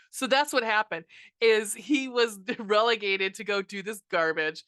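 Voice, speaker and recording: A woman's voice: medium pitch, moderate pace, fairly bright tone. A young woman hosting a podcast, ranting sarcastically and profanely while reviewing a movie.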